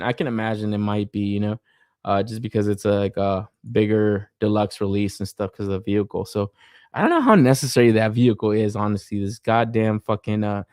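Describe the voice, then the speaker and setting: A man's voice: lowish voice, a little mellow, dry recording, clean studio sound. A man hosting a casual toy review podcast, swearing freely, laughing often and talking with lots of filler. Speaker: podcast host.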